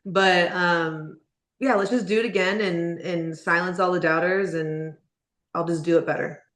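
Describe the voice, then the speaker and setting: A woman's voice: lowish voice, steady tone, a little slow, fairly bright tone, roomy sound. A woman boxer being interviewed, talking candidly and bluntly with lots of "like" and "you know". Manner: candid and blunt, filler-heavy speech. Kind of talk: casual interview.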